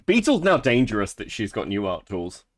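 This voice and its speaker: A man's voice: fairly low pitch, huge pitch swings, normal speed, no echo, studio quality. A man giving casual, profane, amused commentary on a clip during a stream. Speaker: stream co-host reacting to a clip. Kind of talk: reaction commentary.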